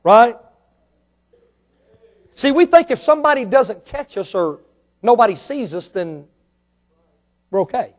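A male preacher with a very high voice delivers a fervent sermon. He keeps asking the congregation rhetorical questions. His delivery swings from hushed to loud and back again. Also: expressive, a little slow, pauses often.

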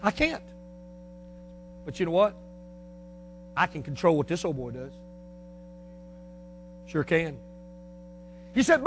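A man preaching a sermon with a Northern US accent, folksy and emphatic, swinging between loud and soft passages. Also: high voice, big pitch swings, slow, pauses often, slightly rough.

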